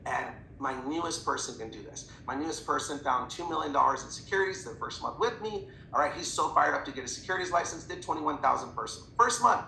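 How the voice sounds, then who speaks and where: Energetic man with a bright, gravelly voice. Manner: fast, animated, slips into quoted voices. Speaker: sales team leader. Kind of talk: training talk with acted dialogue. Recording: echoey room with faint rumble.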